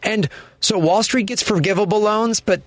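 A man's voice: sits high, moderate pace, dry recording, studio quality. A man co-hosting a call-in radio show, talking emphatically and opinionatedly, laughing readily. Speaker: radio co-host. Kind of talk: casual call-in talk radio.

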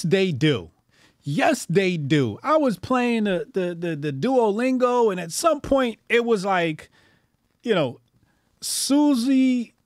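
A man hosting a casual live stream, talking loosely with lots of fillers and jumping high for comic emphasis. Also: no echo, clean studio sound. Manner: animated, jumps pitch for comic emphasis; loose and profane, with many fillers. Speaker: streamer host.

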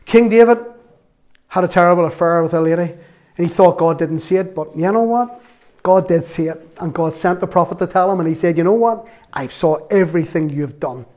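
A man delivers an earnest sermon. He reads scripture aloud with feeling and slips in self-mocking humor. His speaking voice sits a little higher than most men's. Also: brisk, a little mellow. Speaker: preacher.

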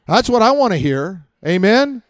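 A man's voice: very animated, normal speed, dry recording. Emphatic preaching man, dry close sound. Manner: conversational preaching with acted asides; rising to emphatic, higher-pitched fervor. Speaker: pastor. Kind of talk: sermon.

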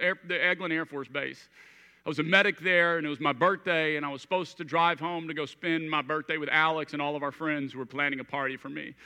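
A male pastor in his thirties with a high, piercingly bright voice, preaching in a church auditorium. He tells stories and acts out the dialogue, dropping low and quiet, then rising with force. A long hall reverb trails behind every phrase. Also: smooth. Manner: storytelling with acted-out dialogue, swings between hushed and emphatic. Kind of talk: sermon.

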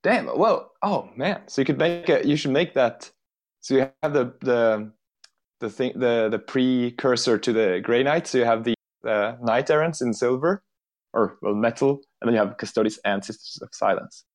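A man co-hosting a podcast in casual chat, excitable, laughing often and tripping over his words. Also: medium pitch, normal speed. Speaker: podcast co-host.

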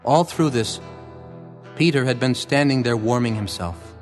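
A man reading a scripture passage aloud in an even, measured way. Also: mid-range voice. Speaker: scripture narrator. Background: faint guitar music.

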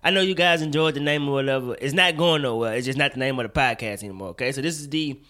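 A young man hosting a casual podcast, talking with animated, profane, loud mock outrage. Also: medium pitch, quick pace. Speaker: podcast host. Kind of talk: casual chat.

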